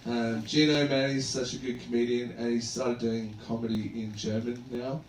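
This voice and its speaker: With a medium pitch and a flat delivery at a moderate pace, an Australian comic keeps up a loose, rambling roast on a club stage, leaning on "man" and "dude." The distant mic catches echo, background noise, and audience laughter.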